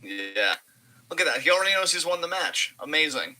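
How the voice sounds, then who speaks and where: On a rough recording with slight background noise, a man co-hosts a live wrestling watch-along, offering sarcastic mock commentary and ironic hype. His voice is fairly high, pushed and bright, brisk, with big pitch swings.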